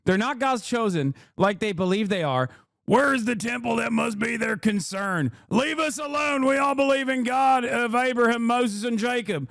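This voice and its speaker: Guy doing a mock afrikaner dude reading his tweet, fake south african accent, high-ish voice, dry sound. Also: animated, normal speed, vocal fry, fairly bright tone, dry recording, exaggerated voice. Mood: mock pious. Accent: attempted South African accent.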